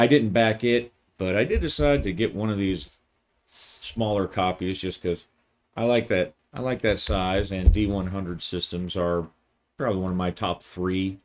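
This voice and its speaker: A man, hosting his channel and giving a relaxed, rambling video review. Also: on the low side. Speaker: channel host, game reviewer.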